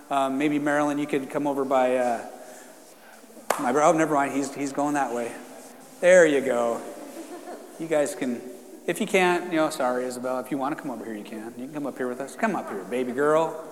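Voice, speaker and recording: Pastor preaching in a reverberant hall. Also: male voice, medium pitch. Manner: conversational and teasing, then fervent prayer. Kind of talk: sermon and closing prayer. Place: church sanctuary. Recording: long reverb in a church hall.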